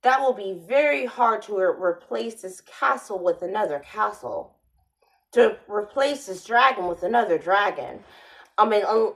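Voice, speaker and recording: A woman's voice: medium pitch, poor audio. A woman vlogger in a casual monologue, rambling and sardonic, often restarting her sentences.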